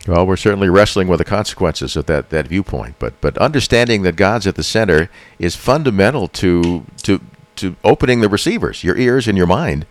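A man's voice: sits low, expressive, fairly quick. A male host talking with a guest, often repeating words as he gets into a sentence. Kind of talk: casual conversation.

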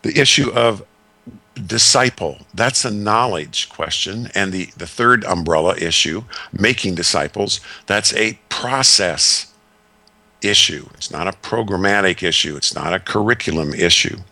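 A man in his sixties, a discipleship consultant, telling stories and giving advice in a measured, folksy way with many fillers. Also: low voice, bright, forceful tone, no echo. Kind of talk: radio talk segment.

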